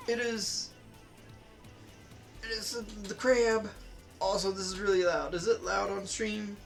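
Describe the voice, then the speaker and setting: A game streamer chats through a casual let's-play at a mid pitch and thinks aloud as they play. The talk is excitable and rambling, and faint game music sits behind the voice. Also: creaky.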